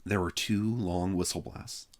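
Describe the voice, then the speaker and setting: A man reading a children's novel aloud with steady, expressive narration. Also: low-pitched, a little slow. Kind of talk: read-aloud story narration.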